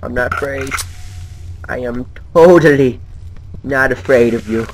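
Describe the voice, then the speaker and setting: A man's voice: mid-range voice, slow pace. A man giving nervous, jumpy let's-play commentary while talking to himself. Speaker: gamer. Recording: noisy home game recording.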